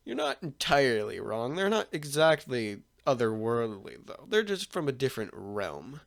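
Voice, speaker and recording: A man voicing a menacing male death spirit in a casual fan story retelling, speaking slowly and knowingly in a near-everyday voice. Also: medium pitch, sing-song, vocal fry. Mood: ominous calm.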